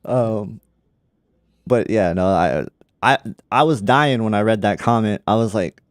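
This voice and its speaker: A man's voice: on the low side, lively intonation, normal speed, no echo, clean studio sound. A man hosting a casual tech livestream, laid-back and laughing often, with lots of "like" in his talk. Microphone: studio microphone.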